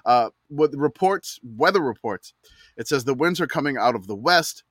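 A man co-hosting a sports podcast with a mid-pitched voice, joking in a loose, halting way and doubling back on his words. The recording is dry, with no room sound. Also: expressive, fairly bright tone, no echo. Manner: hesitant, repeating words, jokey. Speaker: podcast co-host. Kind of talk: casual chat.

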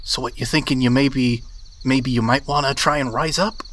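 A man voicing a scheming male adventurer posing as a kobold in a tabletop game, measured and persuasive. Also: mid-range voice, fairly even intonation, a bit bright, natural voice.

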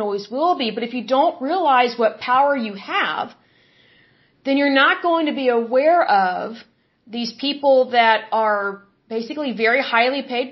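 A woman hosting a podcast, giving opinionated solo commentary in an emphatic, conversational way that circles back to her points, with a touch of hiccups. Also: sits high. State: has hiccups. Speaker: podcast host. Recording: slightly dull lo-fi recording.

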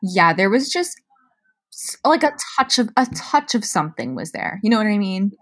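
A young woman co-hosting a podcast, telling a story in a casual, animated way that is full of swearing and "like". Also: mid-range voice, moderate pace. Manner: animated, profane, lots of "like". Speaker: podcast co-host.

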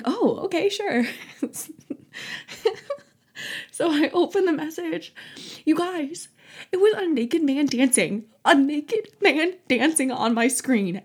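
A young woman in her twenties hosting a casual solo talk show, telling a story in a chatty, animated way with lots of "like" and "um" and frequent laughter. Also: mid-range voice. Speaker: podcast host.

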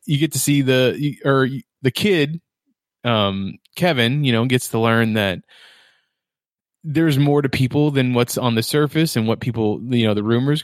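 A man's voice: fairly low pitch, a bit bright, dry recording, studio quality. Casual man chatting about films. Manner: rambling, laughs often. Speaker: podcast co-host. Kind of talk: casual movie chat.

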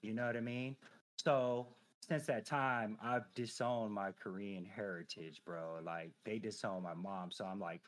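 With a lowish voice and a slightly slow delivery, a man in his thirties who's guested on many podcasts tells a personal tale. The chat is easygoing, profane, energetic, and thick with filler phrases.

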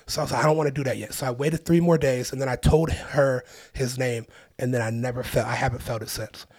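Male comedian guest, lively storyteller, casual podcast talk, laughs a lot. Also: medium pitch, fast talker, husky. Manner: animated storyteller, laughs often.

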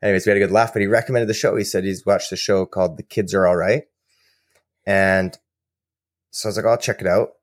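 A man co-hosting a podcast, telling rambling, animated stories in casual chat. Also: low-pitched, fast, long pauses, no room sound, clean studio sound. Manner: rambling, animated storyteller with fillers. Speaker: podcast co-host.

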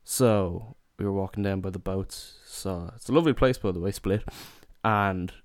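A young Irish man with a lowish voice spins a rambling, comic holiday story, peppering it with "you know" and side remarks. The sound is dry and close, with no room around it. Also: normal speed, no room sound.

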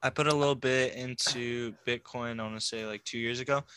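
A man's voice: medium pitch, fairly even intonation, fairly quick, bright, forceful tone, clear, resonant tone, dry recording. A young man co-hosting a podcast in slangy, emphatic casual chat, often saying "bro". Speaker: podcast co-host.

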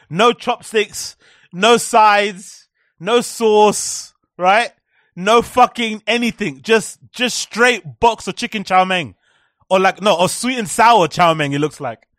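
A man's voice: high-pitched, fairly bright tone, no room sound, studio quality. A young man hosting a live stream, ranting sarcastically with lots of swearing and repetition. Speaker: live-stream commentary host. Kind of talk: profane ranting commentary.

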